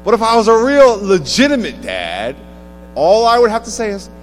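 A man preaching a sermon, telling stories with animated delivery that rises to loud exclamations. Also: sits high, normal speed, soft background music, poor audio. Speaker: pastor.

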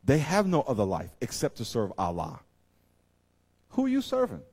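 A man preaching a sermon to his congregation, with emphatic delivery that swings from loud exclamations to quiet intensity and repeatedly addresses the audience directly. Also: mid-range voice, wildly swooping pitch, normal speed, husky. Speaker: pastor.

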